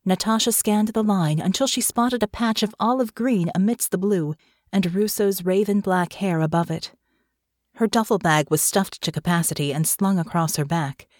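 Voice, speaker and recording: A woman giving scripted fantasy narration for an audiobook in a measured, steady way. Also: medium pitch, dry recording, studio quality.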